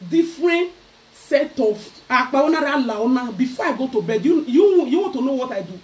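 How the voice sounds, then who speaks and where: Nigerian lady going off on her haters, mocky and loud, voice all over the place, kinda far from the mic. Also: high-pitched, expressive, fairly quick. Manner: loud, mocking, switching into Pidgin. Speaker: vlogger. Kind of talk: ranting to camera.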